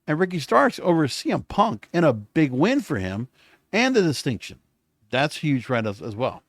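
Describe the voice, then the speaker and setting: A man records a solo podcast late at night, his slightly high voice swinging widely in pitch at a moderate pace. He rambles through a casual recap with many self-corrections, and the studio sound is clean with no echo.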